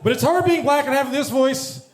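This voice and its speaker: A young male comedian in his twenties talks with a dry, proper-sounding delivery and a fairly high voice. He is on a live club stage, his mic catching a roomy echo. The audience laughs loudly around him. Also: fairly quick, some chatter behind, a little hiss or hum. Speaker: stand-up comedian. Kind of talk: stand-up set. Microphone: handheld stage mic.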